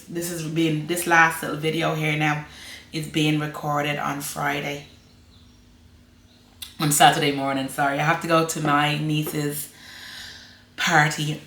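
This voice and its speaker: A woman's voice: sits low, level tone, unhurried, a bit bright, roomy sound. An Irish woman vlogging casually to camera, chatty and rambling, laughing often. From Ireland.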